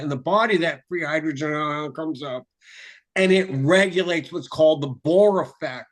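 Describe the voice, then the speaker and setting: A man talking casually as an interview guest, excitable and profane, jumping into quick chemistry explanations. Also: on the high side. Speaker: guest, water filter developer.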